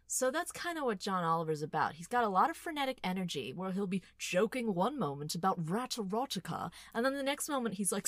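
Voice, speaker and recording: A woman co-hosting a casual podcast chat, wry, joking and animated. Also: fairly high pitch, fairly quick, no room sound, clean studio sound. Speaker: podcast co-host.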